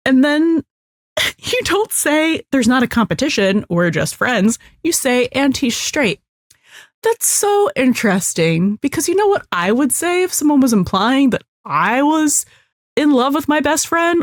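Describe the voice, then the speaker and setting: A woman's voice: fairly high pitch, no echo, studio quality. A woman co-hosting a casual podcast chat, animatedly recapping a TV episode, acting out characters' lines and swearing freely. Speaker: podcast co-host.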